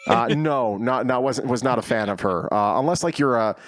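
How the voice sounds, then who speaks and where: A man's voice: medium pitch, moderate pace, a little hiss or hum. A man hosting a casual live panel show, reading viewer comments and joking around, laughing often. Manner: animated, laughs often, jokey. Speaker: show host.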